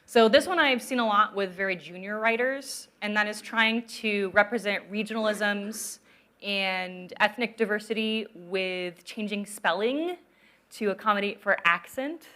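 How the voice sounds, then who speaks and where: Bright-voiced woman giving a conference talk. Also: mid-range voice, measured pace. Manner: conversational, checks in with "right?" often. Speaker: conference speaker on narrative design. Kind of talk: conference talk with audience questions.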